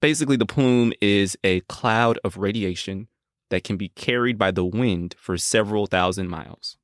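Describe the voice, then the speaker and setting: A man with a fairly low voice co-hosts a casual podcast. He sounds laid-back and joking, with plenty of slang, and the recording is close and dry. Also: moderate pace, no echo. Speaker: podcast co-host.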